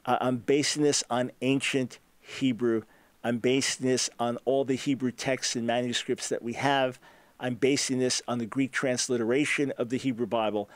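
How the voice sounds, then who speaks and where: A man's voice: medium pitch, no echo. Emphatic man explaining scholarship, dry sound. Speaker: radio talk show host. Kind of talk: answering a listener's question.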